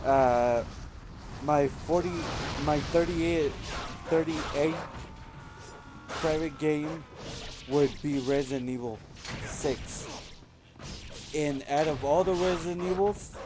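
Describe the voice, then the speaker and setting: A man with a slightly high voice takes it slowly and pauses often, against a noisy background with game music playing. He's a let's play host giving casual gameplay commentary, a rambling storyteller who corrects himself as he goes.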